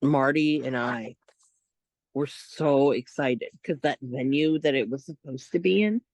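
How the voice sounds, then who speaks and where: A woman co-hosting a podcast, telling a story in a casual, animated way, quoting what others said. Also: very deep voice, a little slow, no echo. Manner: animated retelling, quotes others, laughs often. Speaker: podcast co-host.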